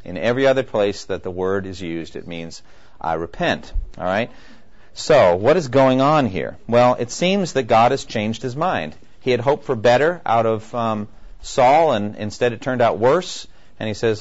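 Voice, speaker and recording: A man's voice: mid-range voice, lively intonation, moderate pace. A man giving a conversational Bible teaching lecture who acts out the quoted voices and keeps checking in with his listeners. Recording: dull lo-fi recording.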